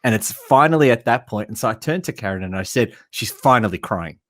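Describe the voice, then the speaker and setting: A man co-hosting a casual movie discussion, chatty and quick with agreements and asides. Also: medium pitch, animated, a bit bright, dry recording, clean studio sound. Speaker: co-host of a movie talk show.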